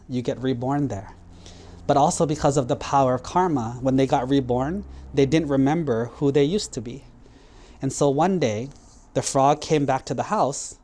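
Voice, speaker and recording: A man's voice: medium pitch, darkish tone. A man, a Buddhist monk, telling a moral story to children in a casual, conversational way. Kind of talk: storytelling sermon for kids.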